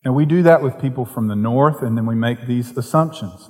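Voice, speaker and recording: Southern pastor preaching in a reverberant hall. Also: male voice, medium pitch, a little fast, few pauses. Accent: softened Southern US. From Western North Carolina. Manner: conversational preaching that builds to fervent emphasis. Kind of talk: sermon.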